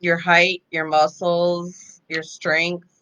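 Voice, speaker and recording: A woman hosts a casual live interview with a bright voice. She asks questions in a steady way and keeps pulling the guest back to the point. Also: lowish voice, drawn-out words, smooth, muffled recording. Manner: probing questions, keeps steering back to the topic. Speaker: host.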